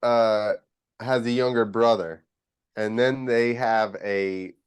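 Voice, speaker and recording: A man's voice: fairly low pitch, steady tone, slow pace, smooth. A man hosting a podcast in casual chat, recalling old stories and explaining things for his listeners.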